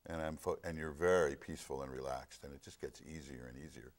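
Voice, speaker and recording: A man's voice: rumbling low, fast, few pauses. A middle-aged man in casual chat, earnestly recounting a personal experience as a guest discussing a film. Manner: reflective storytelling, earnest.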